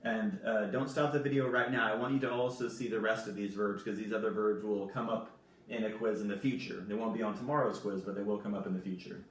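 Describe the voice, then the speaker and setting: A man's voice: lowish voice, steady tone, fast, very echoey, recorded from a distance. A man teaching a recorded language lesson, patiently explaining and spelling words out letter by letter. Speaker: Spanish teacher.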